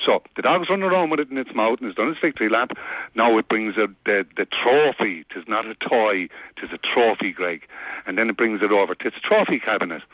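A man, a dog behaviour expert on a radio phone-in, telling animated stories and checking in with "right?" and "okay?". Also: lowish voice, fast, slightly rough, no room sound. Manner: animated storyteller, acts out scenes, says "right?" and "okay?" often. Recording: tinny phone line.

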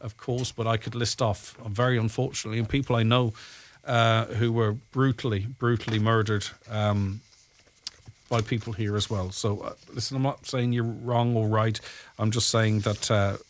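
A man's voice: on the low side, level tone, moderate pace, a little hiss or hum. A man with a Donegal Irish accent presenting a radio show, chatting casually and reading out listener messages with plenty of ums and uhs. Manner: chatty and conversational, with frequent fillers.

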